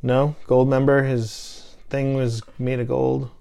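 Woman, casual co-host, playful and teasing, quick to laugh. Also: rumbling low, flat delivery, gravelly, mellow. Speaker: podcast co-host. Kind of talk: casual chat.

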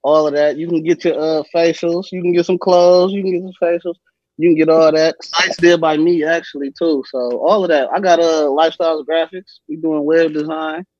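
A young man telling a funny story on a podcast, animated, slangy and laughing often. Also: fairly high pitch, moderate pace, no echo, highs cut off. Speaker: podcast guest. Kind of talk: casual storytelling.

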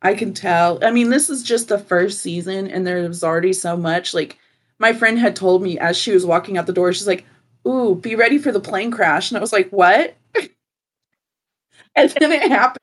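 A woman's voice: medium pitch, normal speed. Chatty woman podcast guest. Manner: chatty, full of "like" fillers. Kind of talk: casual podcast chat.

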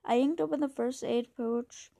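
Female reader for a war novel, steady, slightly high, mellow and flat. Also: normal speed, gravelly, poor audio. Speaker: book reader. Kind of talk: reading a war novel aloud.

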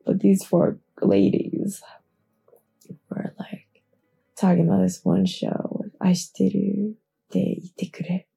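Groggy giggly woman with gravelly voice. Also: mid-range voice, little pitch movement, slow, long pauses, dark tone, in a whisper. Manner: chatty, giggly, swears freely. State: groggy from waking early. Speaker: podcast host. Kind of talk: rambling casual morning chat. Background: faint background music.

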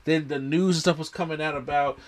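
Podcast host guy, higher voice, slangy and emphatic, keeps repeating himself. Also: fairly even intonation, fairly quick. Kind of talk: casual movie chat.

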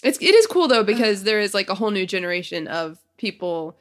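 A woman in her thirties co-hosting a podcast in relaxed casual chat, agreeable and laughing often. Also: mid-range voice, fast talker. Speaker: podcast co-host.

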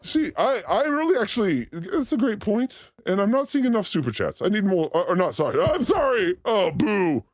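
A man playing a boastful, crude demon character, ranting manically on a live comedy stream with frequent shouted outbursts. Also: high voice, big pitch swings, normal speed, hardly any pauses. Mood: manic.

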